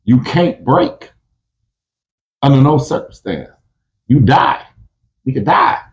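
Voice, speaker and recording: A man's voice: mid-range voice, animated, takes it slowly, low-quality recording. A man telling prison stories in casual talk, full of street slang and restarts, who acts out both sides of a fight in a raised voice. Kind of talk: casual storytelling.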